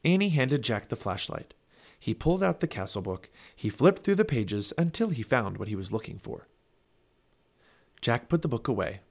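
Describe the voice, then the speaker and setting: Man, children's book read-aloud, lively rise and fall, mid pitch, expressive narration. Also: normal speed, creaky. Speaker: family podcast reader.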